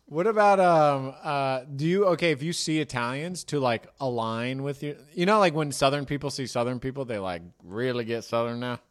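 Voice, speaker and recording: A man's voice: mid-range voice, moderate pace, few pauses. A man co-hosting a casual podcast, teasing and riffing with his partner. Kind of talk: casual chat.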